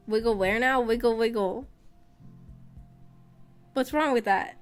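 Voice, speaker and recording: A woman VTuber chatting casually on stream, rambling and often laughing, her voice slightly rough after being sick. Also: a little high, a bit bright. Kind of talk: casual live-stream chat.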